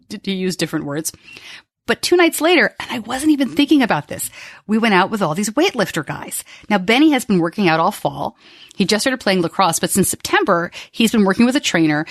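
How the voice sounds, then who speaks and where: A woman's voice: medium pitch, no echo. Woman, middle-aged, podcast host, heartfelt and emotional, close dry mic. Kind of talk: conversational podcast talk.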